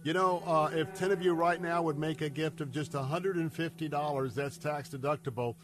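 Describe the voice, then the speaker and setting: A man's voice: a little high, fairly even intonation, brisk. A man hosting a radio show, making an urgent fundraising appeal in an earnest, pleading way, his voice a little scratchy and congested. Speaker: radio host.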